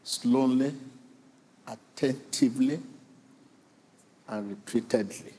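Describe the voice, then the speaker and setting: Slow and deliberate, a middle-aged pastor works through his sermon with rhythmic repetition, urging the congregation to respond. He speaks at a medium pitch in a dark, slightly rough voice.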